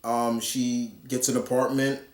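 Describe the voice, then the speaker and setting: A man's voice: medium pitch, little pitch movement, unhurried. A man casually reviewing a comic book, rambling with lots of fillers and restarts. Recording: roomy echo.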